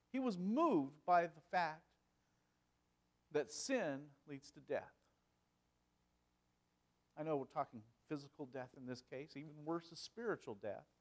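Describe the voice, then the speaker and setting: Man preaching, from loud to hushed. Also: on the high side. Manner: swings from loud emphasis to hushed, quiet delivery; asks rhetorical questions. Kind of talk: sermon.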